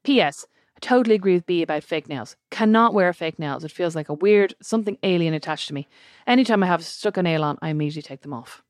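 A woman's voice: lowish voice, quick pace, no room sound, clean studio sound. Wry Irish woman chatting. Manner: wry, chatty, reads listener messages aloud. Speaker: podcast co-host. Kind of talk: casual chat.

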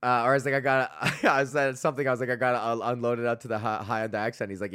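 A man's voice: mid-range voice, steady tone, quick pace, hardly any pauses, fairly bright tone, no echo, clean studio sound. A man hosting his podcast, telling a rambling, profane story packed with fillers and laughing at his own jokes. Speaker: podcast host and stand-up comedian. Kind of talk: casual rambling monologue.

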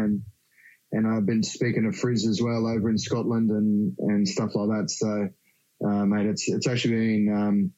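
An Australian man appears as a podcast guest in a casual interview chat, rambling and easygoing, laughing often and frequently restarting his sentences. His voice is fairly low in pitch and a little mellow. The recording has a slightly dull, lo-fi sound.

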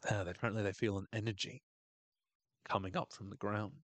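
A man's voice: on the low side, flat delivery, fast talker, fairly bright tone, dry recording. A man hosting a podcast, recapping a TV episode in a casual, irreverent way, swearing and laughing often. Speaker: podcast host.

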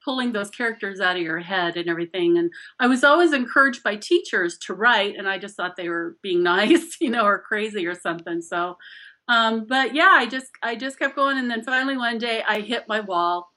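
A woman's voice: mid-range voice, a little fast. A middle-aged woman, an author being interviewed, chatting casually and acting out her own quotes with frequent laughs. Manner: animated storyteller, acts out quotes, laughs often. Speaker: author guest.

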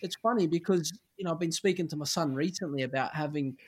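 A man's voice: on the high side, fast, slightly rough. An Australian man in his forties, a podcast guest telling candid, rambling stories with casual swearing. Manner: relaxed anecdotal, many fillers, casual swearing. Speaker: podcast guest, former footballer. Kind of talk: candid storytelling chat.

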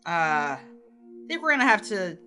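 A woman at a tabletop game, chatting in a playful, giggly way. Her voice is bright and clear, and her pitch swings widely as she talks. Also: big pitch swings, normal speed, soft background music. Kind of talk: casual chat in a tabletop game.

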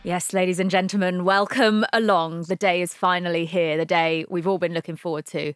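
A woman co-hosting a casual football podcast, excitable and quick to laugh. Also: fairly low pitch, smooth, faint music behind. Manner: bubbly and excitable, laughs often. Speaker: podcast co-host.

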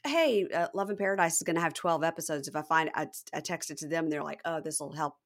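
A woman chatting as a podcast guest, telling stories with quick asides. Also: deep voice, fairly even intonation, fairly bright tone. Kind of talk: casual podcast chat.

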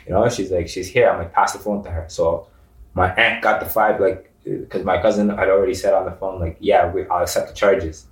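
A man with a low voice tells his story casually, acting out dialogue with plenty of fillers. He sounds set back from the mic in an echoey room. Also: steady tone, fairly quick. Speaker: interview guest telling his story. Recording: roomy, distant mic.

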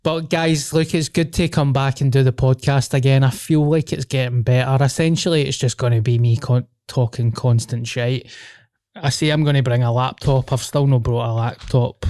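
A man's voice: mid-range voice, steady tone, normal speed, a little mellow, no room sound, clean studio sound. A man with a Glaswegian Scottish accent hosting a podcast, chatting casually in sweary, laughing banter. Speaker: podcast host. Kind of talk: casual chat.

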